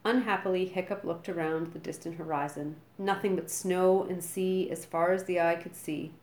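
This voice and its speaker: A woman reading a storybook aloud in a lively, expressive way. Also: fairly low pitch, moderate pace. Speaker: narrator. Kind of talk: storybook narration. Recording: roomy echo.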